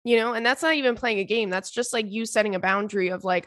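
A woman's voice: fairly high pitch, fast, hardly any pauses, a bit bright, no room sound, studio quality. Chatty, blunt woman podcast host. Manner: chatty, blunt, profane, laughs often. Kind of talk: casual advice chat.

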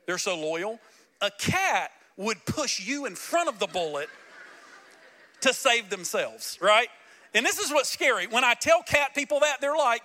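A man pastor preaching a sermon, animated and joking, speaking directly to his congregation in a church. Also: very high-pitched, a little slow. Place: church sanctuary.

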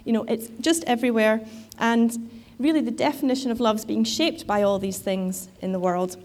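Woman preaching, chatty and casual, lots of ums, voice a bit on the high side. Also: fairly even intonation, moderate pace, a little mellow. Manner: conversational, with frequent fillers and restarts. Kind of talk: sermon.

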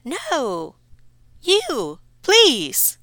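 A woman voicing a small, thorny, worrying farmer's wife with a shrill, sharp-tongued manner. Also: wildly swooping pitch, very slow, no room sound, studio quality, full character voice. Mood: shrill panic.

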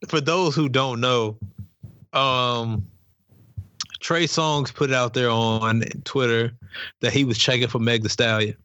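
A man's voice: mid-range voice, steady tone, takes it slowly, pauses often, a bit bright, no echo, studio quality. A young man co-hosting a podcast, eagerly interrupting and pushing his points in casual chat. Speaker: podcast co-host.

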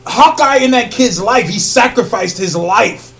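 A man co-hosting a casual podcast chat, animated, laughing often and filling pauses with ums. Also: creaky. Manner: rises loud and high when excited. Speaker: podcast co-host.

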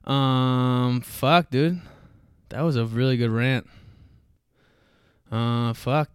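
Cussing dude rambling on his podcast, smooth clear voice, dead dry mic. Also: mid-range voice, steady tone, very slow, pauses often, dry recording. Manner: profane, rambling, says dude and bro constantly; loud shouting rants. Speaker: podcast host. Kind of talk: solo comedic rant.

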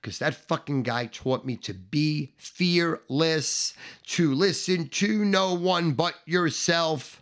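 A man's voice: a little high, slow. A middle-aged man telling a profane, boastful story, emphatic and swaggering, building up through repeated phrases.

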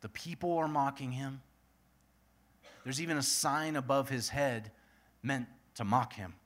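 A man's voice: mid-range voice, unhurried, fairly bright tone. A male pastor preaching and praying in an earnest manner, building his points through repeated lists. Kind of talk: sermon.

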